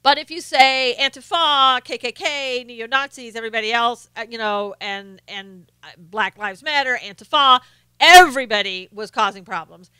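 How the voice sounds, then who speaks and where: A woman's voice: on the high side, moderate pace, sharp tone, clear, resonant tone, no room sound. A woman hosting a live stream, giving opinionated casual political commentary and greeting chat viewers by name, with many fillers and restarts.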